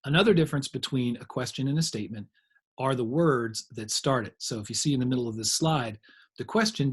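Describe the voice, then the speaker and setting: A middle-aged man leads a training lecture in a slightly husky voice. He talks conversationally and walks through ideas with examples and asides. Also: medium pitch, a little fast.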